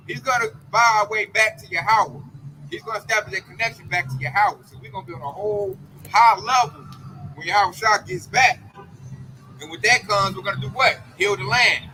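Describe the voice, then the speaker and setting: A man preaches an informal sermon in a fervent, emphatic, slang-filled way. His voice sits very high and rings bright and sharp. Faint vehicle noise hums behind him. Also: poor audio. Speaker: street preacher.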